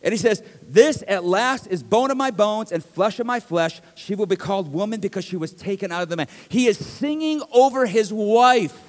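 A man's voice: sits high, expressive, moderate pace, few pauses, in a large hall. A middle-aged male pastor preaching a sermon in a conversational, joking way that rises to emphatic bursts, in a church. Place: church sanctuary.

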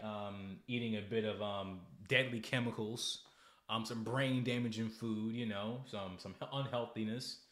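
A young American man hosting political commentary, ranting in a sarcastic, heated way with loud bursts and halting restarts. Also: mid-range voice, echoey room. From United States. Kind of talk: casual commentary, ranting to camera.

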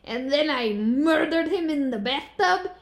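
A woman putting on a gruff Russian killer lady. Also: high voice, lively intonation, unhurried, pitched above the performer's own voice. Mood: deadpan.

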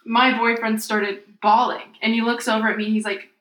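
A woman's voice: on the high side, flat delivery, fairly quick, hardly any pauses, a bit bright. A woman co-hosting a podcast, telling a self-mocking story in casual chat while laughing. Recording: echoey room with faint noise.

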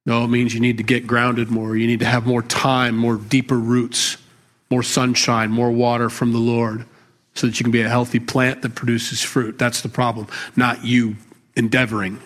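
A man's voice: medium pitch, level tone, moderate pace, fairly bright tone. A middle-aged man, a pastor, teaching a conversational sermon in a plainspoken, candid way, with asides and self-deprecating humor. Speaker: pastor teaching a Bible study.

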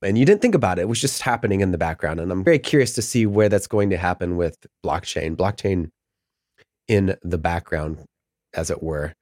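A man's voice: deep voice, expressive, brisk, darkish tone, no echo, studio quality. A middle-aged man talking as a podcast guest in casual, rambling chat, often laughing mid-sentence.

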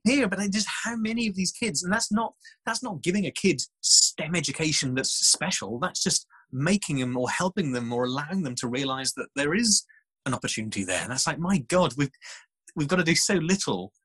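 A man, a scientist guest on an interview podcast, telling stories in an animated way with lots of restarts. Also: a little high, brisk, husky, dry recording, rough recording. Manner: animated storytelling, many restarts. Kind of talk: casual interview chat.

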